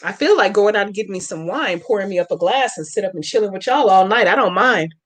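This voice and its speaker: In this casual livestream, a woman who practices hoodoo answers viewer questions and teaches a spell step by step. Her mid-range voice is animated and fast, and her manner is brash, profane, slangy, and emphatic.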